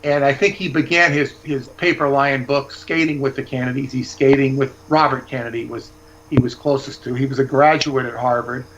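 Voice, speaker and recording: A man's voice: medium pitch, steady tone, moderate pace, a bit bright, dull audio, slight background noise. A man talking as a guest author, telling rambling, digressive anecdotes in casual chat.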